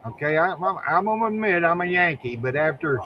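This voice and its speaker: An older man from Ohio, a guest drag racer, swaps folksy stories in a casual interview, often repeating words and chuckling. His voice sits on the high side with lively intonation and a fairly quick pace. The audio is dull, with background noise.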